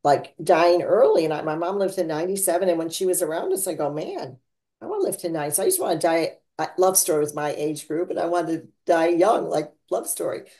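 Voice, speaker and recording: A podcast host leads a casual chat about faith, rambling and laughing as her pitch and volume swing dramatically. Her mellow voice keeps a steady tone and a slightly fast pace with hardly any pauses.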